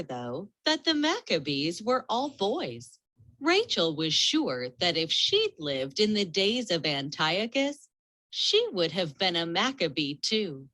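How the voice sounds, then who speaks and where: A woman reads a children's picture book aloud, slow and unhurried. Her voice is low-set but swoops expressively. The sound is dry and close to the mic. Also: no echo. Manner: expressive, gentle storytelling. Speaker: storyteller. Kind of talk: children's storybook reading.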